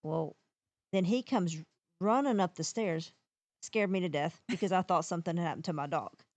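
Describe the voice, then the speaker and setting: A woman co-hosting a podcast, telling a story in a lively, chatty way. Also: on the low side, normal speed, no echo. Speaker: podcast co-host. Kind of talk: casual storytelling chat.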